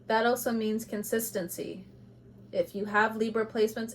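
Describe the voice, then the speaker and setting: A woman giving an intuitive tarot reading to camera, speaking bluntly and with passion, moving between loud urging and quiet asides, with laughs between points. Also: on the high side, little pitch movement, normal speed, a little hiss or hum. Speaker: tarot reader.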